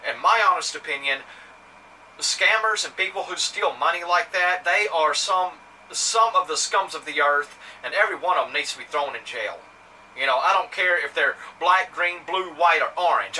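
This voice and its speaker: Recorded on a somewhat distant mic with faint surrounding noise, a male vlogger from Mississippi narrates a story to camera. His Southern-accented voice sits on the high side, expressive, bright and forceful, at a normal pace. The telling is rambling and indignant, heavy with fillers and restarts.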